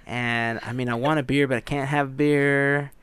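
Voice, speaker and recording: With a smooth, fairly bright mid-range voice at normal speed and fairly even intonation, a weary man hosts a podcast. He chats casually and rambles through joking sponsor reads, holding back yawns.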